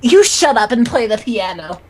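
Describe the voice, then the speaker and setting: A woman's voice: a little high, very animated, normal speed. A woman voicing a haughty, boastful female unicorn shopkeeper in a fan story reading, talking down to everyone. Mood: bossy. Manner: grandiose, condescending.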